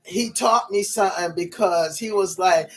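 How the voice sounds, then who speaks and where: A man talking casually to his viewers in a rambling, profane way, high and tired, laughing often. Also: moderate pace, fairly bright tone, soft background music. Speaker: vlogger.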